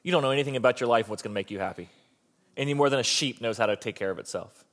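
A pastor with a mid-range voice races through a conversational, joking sermon. He often restarts his sentences mid-thought.

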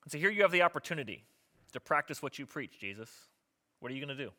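A man's voice: fairly high pitch, very animated, fast talker, sharp tone. A man, a pastor, preaching a sermon in a conversational, joking way, acting out the voices of people in the story.

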